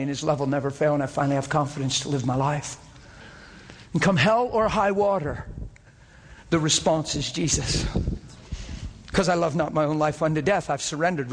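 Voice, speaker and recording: A man preaching a sermon, fervent and earnest, often breaking into laughter as he gets excited. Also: fairly high pitch, long reverb tail.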